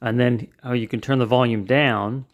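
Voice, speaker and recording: A man's voice: medium pitch, steady tone, normal speed, highs cut off, a little hiss or hum. A man hosting a casual toy review, chatting and explaining the features step by step as he handles the toy.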